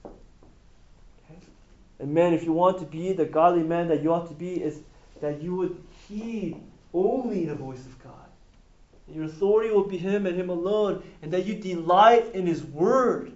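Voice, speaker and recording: A high-voiced man preaches to a gathered group and keeps asking them to call out the end of each verse. The recording is dull and lo-fi, and the room echoes around him. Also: moderate pace. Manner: call-and-response, animated, asks the room to finish verses. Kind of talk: sermon.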